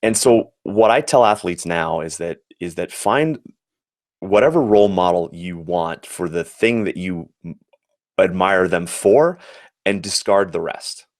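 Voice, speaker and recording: A man's voice: sits low, unhurried, dry recording, studio quality. An American man in his forties, a former Olympic athlete, telling earnest and reflective stories in an interview, often restarting his sentences. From United States. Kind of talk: anecdotal interview storytelling.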